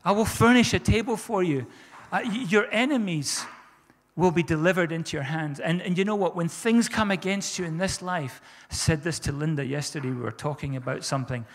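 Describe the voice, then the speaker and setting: Pastor, male, higher register, fervent preaching with repeated emphatic phrases, reverb of a church hall. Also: a little fast. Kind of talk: sermon.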